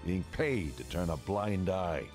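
An actor playing a brooding, vengeful gangster who narrates in a grim, measured, threatening way. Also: male voice, low voice, expressive, a little mellow, soft background music.

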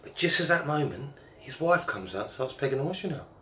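A man's voice: mid-range voice, very animated, fast, fairly bright tone, a little hiss or hum. A man telling a joke casually, swearing freely along the way. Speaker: joke teller. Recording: echoey, from far off.

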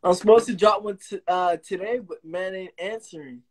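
A young man with a high-pitched voice at normal speed hosts a casual livestream from his phone. He brags and swaps insults with a caller, brash and trash-talking, repeating his taunts again and again.

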